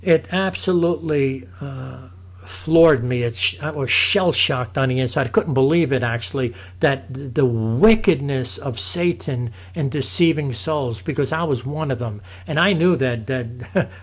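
A man's voice: mid-range voice, breathy edge. A man giving a fervent preaching testimony, calling his listeners "folks" again and again. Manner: fervent, repeats "folks" often.

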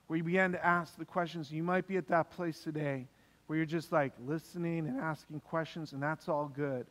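A man preaching a sermon as pastor, emphatic and repeating key phrases for stress. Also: a little high. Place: church hall. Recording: long reverb of a church hall.

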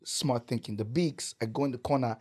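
A man's voice: medium pitch, a little fast, husky. A man from Canada telling a wild story as a podcast guest, swearing, laughing and filling his talk with "like". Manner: animated, swearing, laughing storyteller with many "like" fillers. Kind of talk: casual storytelling.

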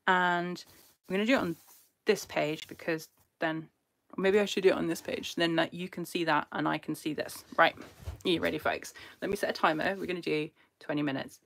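A woman's voice: fairly low pitch, vocal fry. A woman hosting a casual drawing livestream, chatty and self-deprecating, talking close to a phone camera. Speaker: art channel host. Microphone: phone held close as camera.

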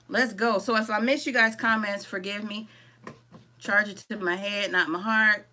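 Here a crochet-along host with a mid-range voice talks at a moderate pace during a live-stream craft tutorial. She's relaxed and chatty, addressing viewers as "y'all," welcoming them by name, and reading out their comments as she crochets.

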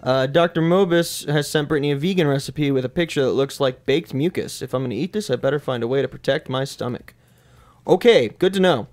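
A man's voice: mid-range voice, brisk, darkish tone. A young man co-hosting a casual gameplay chat, reading the game's lines aloud in playful voices. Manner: reads game dialogue aloud in playful voices. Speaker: game show co-host.

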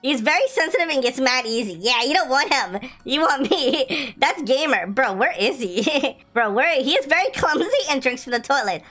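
A woman hosting a gameplay video, excitable and playful, laughing often as she comments. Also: high voice, normal speed, hardly any pauses, soft background music. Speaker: gaming video host.

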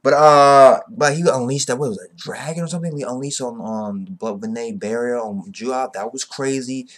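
A young man reviewing a manga chapter in casual commentary. He is excitable, swears a lot, uses heavy slang and keeps tagging "okay?" onto his sentences. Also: mid-range voice, normal speed.

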